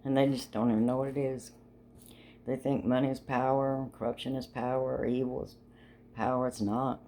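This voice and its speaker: A woman's voice: extremely low pitch, little pitch movement, normal speed, mellow, slight background noise. An older woman telling a rambling personal story in a chatty, folksy way, laughing often. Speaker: vlogger.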